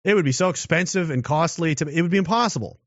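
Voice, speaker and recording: A man's voice: a little high, lively intonation, quick pace, no room sound. A man giving a casual monologue, rambling with restarts and rhetorical questions. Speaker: political commentator. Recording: dull lo-fi dry recording.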